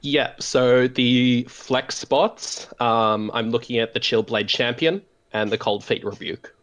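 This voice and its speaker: An Australian man as a guest in a casual chat, relaxed and full of ums and uhs. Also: medium pitch, slow pace.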